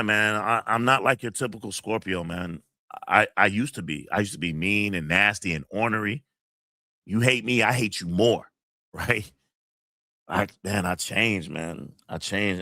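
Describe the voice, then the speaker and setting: Low-pitched and sharp-toned, the college teacher running this livestream reads out chat comments and vents emphatically, profanity flowing freely. He talks at a normal speed, and the studio recording is clean and dry.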